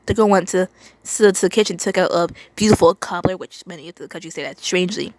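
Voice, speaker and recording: A woman's voice: fairly low pitch, quick pace, no room sound. A woman reading a fan story aloud, often stumbling, repeating words and stopping to make asides. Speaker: reader.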